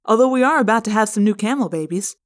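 A woman's voice: mid-range voice, lively intonation, quick pace, no room sound, clean studio sound, close to an everyday voice. A woman playing a chatty fond mother. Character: warm chatty middle-aged mother. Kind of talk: fan audiobook reading.

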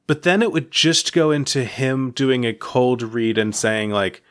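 A man's voice: mid-range voice, steady tone, unhurried, fairly bright tone. A man co-hosting a podcast in casual chat, telling long rambling anecdotes full of "like" and restarts, laughing as he talks. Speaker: podcast co-host.

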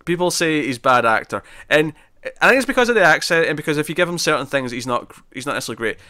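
A man talks quickly and eagerly in a casual film review chat, his voice bright and forceful. The sound is dry and close, with no room echo. He is a podcast co-host. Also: on the high side. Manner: animated, quotes lines in a shouted impression.

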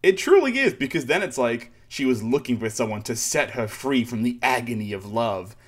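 A man's voice: medium pitch, moderate pace. A man casually recapping a manga chapter on a podcast, rambling with fillers and sarcastic asides. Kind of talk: casual chat.

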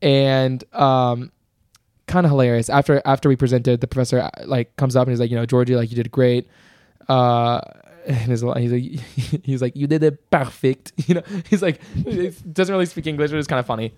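A man's voice: mid-range voice, normal speed, dry recording, clean studio sound. A young man co-hosting a podcast, telling a long story in casual chat with lots of fillers and restarts. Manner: rambling, animated storyteller full of fillers. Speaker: podcast co-host.

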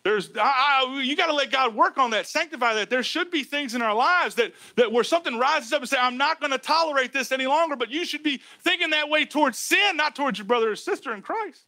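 High, bright-voiced preaching man. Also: expressive, brisk, few pauses, no room sound. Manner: emphatic, folksy preaching with swings from shouts to hushed lines. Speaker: pastor. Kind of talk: sermon. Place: church sanctuary.

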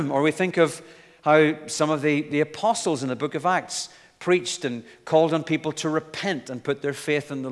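A man's voice: a little high, in a large hall. A man preaching a sermon in an earnest, emphatic way, with light asides.

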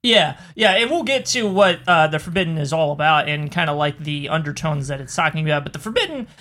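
High, bright-voiced male podcast host. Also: brisk. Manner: relaxed, easygoing, rambling. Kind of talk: casual podcast chat.

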